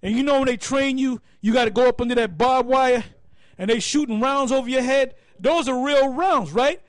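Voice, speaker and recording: Brief: man with an extremely high voice, salty forum speaker, dry close sound. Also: normal speed, no room sound. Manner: profane, animated storyteller acting out quotes. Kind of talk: casual open-forum talk.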